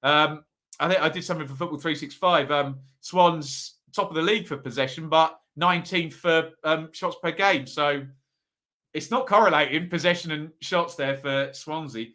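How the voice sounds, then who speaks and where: Male host, bright-toned, casual live-chat delivery, reads comments aloud. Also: fairly high pitch. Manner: chatty, reads out viewer comments, quick asides. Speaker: football predictions show host. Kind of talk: live-stream chat with viewers.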